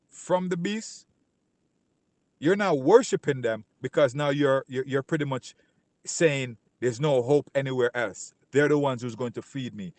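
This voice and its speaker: A man giving an informal Bible teaching. He talks emphatically, keeps asking "right?", repeats himself, and reads scripture slowly and loudly. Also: medium pitch, dry recording. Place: Canada.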